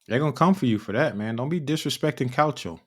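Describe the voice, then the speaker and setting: Male co-host, blunt and emphatic, mid pitch, casual banter. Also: lively intonation, fast, husky. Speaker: podcast co-host. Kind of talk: casual chat.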